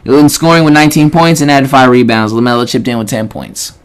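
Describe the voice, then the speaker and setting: A man's voice: mid-range voice, brisk, clean tone. A man hosting a casual sports podcast, ranting and swearing often. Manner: animated, profane, rants. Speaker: podcast host.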